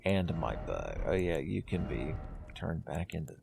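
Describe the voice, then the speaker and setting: A man's voice: deep voice, very animated, measured pace, gravelly, a little mellow, a little hiss or hum. A man hosting a let's-play of a video game, talking in a wry, sarcastic and profane way and laughing often. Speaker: gaming video host. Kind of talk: casual let's-play commentary.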